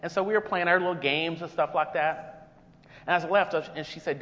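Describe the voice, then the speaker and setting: A man's voice: on the high side, brisk, fairly bright tone. A man filling in as guest preacher, giving a folksy, conversational sermon with personal stories. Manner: folksy and conversational, with rising energy. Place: church sanctuary. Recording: long reverb, dull lo-fi sound.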